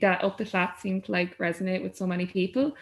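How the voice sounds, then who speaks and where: A woman's voice: fairly low pitch, level tone, quick pace. A young Irish woman interviewing a guest, friendly and hesitant, with many fillers. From Ireland. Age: young adult. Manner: friendly, hesitant, laughs between phrases. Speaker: student interviewer. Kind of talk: casual interview.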